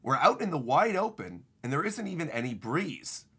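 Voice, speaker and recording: A man's voice: a little high, sing-song, moderate pace, pushed and bright, husky, full character voice. A man reading aloud as a grumpy, nervous young woman navigator who complains in an exasperated way.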